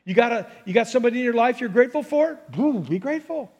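A male pastor with a strikingly high voice delivers a sermon. He is animated, slipping into little acted-out voices and scenes as he preaches to the congregation. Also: fast talker, breathy edge.

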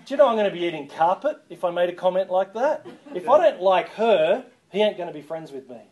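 A man preaching a sermon as a pastor, lively and joking, calling on the congregation to respond. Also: sits high, quick pace, highs cut off.

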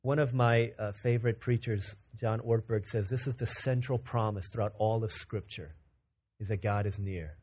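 A man from Virginia preaching a conversational, animated sermon as pastor. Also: lowish voice, husky. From Virginia, USA. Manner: conversational and animated, acting out quick character quotes.

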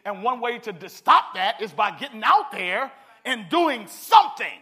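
Man, pastor, very high voice, sharp tone, animated sermon. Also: normal speed, husky. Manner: animated, call-and-response preaching.

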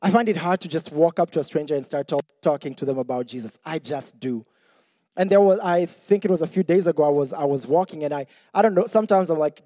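A young man delivers a sermon in a relaxed, conversational way, joking at his own expense and restarting his sentences. His voice is somewhat high but mellow. The sound is dry and close. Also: quick pace, no echo, long reverb tail. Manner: conversational, self-deprecating, with frequent restarts.

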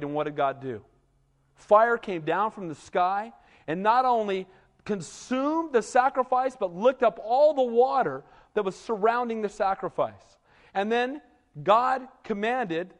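A pastor with a very high voice preaches in a large church hall. His delivery is animated and conversational, sprinkled with frequent "right?" asides aimed at the congregation.

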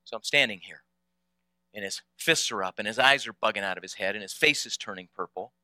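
Bright, dry-voiced male storyteller. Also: fairly low pitch, brisk, dry recording. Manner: conversational storyteller, repeats small words. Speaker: speaker telling a personal story. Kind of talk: storytelling talk.

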